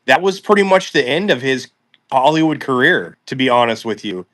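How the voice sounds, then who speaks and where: A man's voice: mid-range voice, expressive, moderate pace, a bit bright. A man co-hosting a casual chat show, giving his opinions and reading out viewer questions. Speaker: co-host.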